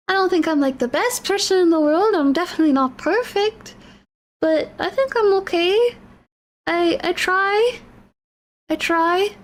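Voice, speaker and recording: A woman streamer in casual livestream chat, rambling and apologetic, emotional, often restarting her sentences. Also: very high voice.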